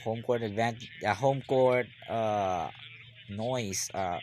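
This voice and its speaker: Man, basketball reaction host, unhurried rambling talk, repeats himself, excited shouts. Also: fairly low pitch, slight background noise. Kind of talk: live game reaction commentary.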